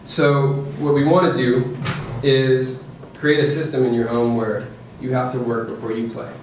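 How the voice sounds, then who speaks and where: A man giving a lively, joking parenting talk to an audience, often checking in with "okay?" and "right?". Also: medium pitch, unhurried, distant mic, a little hiss or hum. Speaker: presenter to parents. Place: presentation room with audience. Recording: echoey room, voice from afar.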